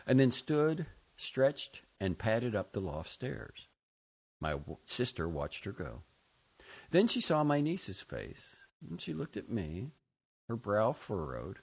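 A man reading a first-person story aloud, expressive and shifting between quiet and louder lines. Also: fairly low pitch, takes it slowly, husky, dull audio. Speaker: audiobook narrator. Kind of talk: scripted first-person narration.

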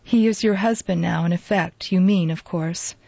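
A woman's voice: lowish voice, normal speed, no room sound. Woman reading as ailing sad man, murmuring. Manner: murmuring, husky and quiet. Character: ailing middle-aged man, sad and forgiving. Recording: dull lo-fi dry recording.

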